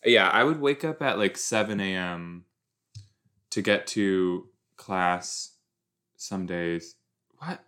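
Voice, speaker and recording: Unhurried, chatty young man reacting. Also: low-pitched, a bit bright. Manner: chatty, self-deprecating, rambling with fillers. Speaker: podcast host. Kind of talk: casual watch-along commentary.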